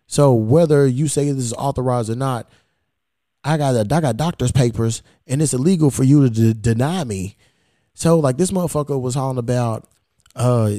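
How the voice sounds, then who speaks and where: Speaking at a normal speed and medium pitch, this male podcast host tells a casual story loaded with profanity, acting out every exchange he quotes. The studio-quality audio has no room sound.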